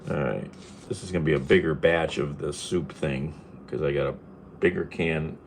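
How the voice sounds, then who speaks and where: A man's voice: a bass voice, moderate pace, vocal fry, a little hiss or hum. A man chatting casually and rambling as he chops onions in his home kitchen, chuckling to himself. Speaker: vlogger. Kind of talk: casual cooking vlog.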